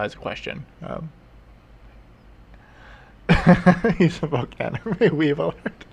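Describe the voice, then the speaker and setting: Man, live-stream host, gravelly voice, slightly husky, casual chat, laughs often. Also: on the high side, expressive, unhurried, pauses often.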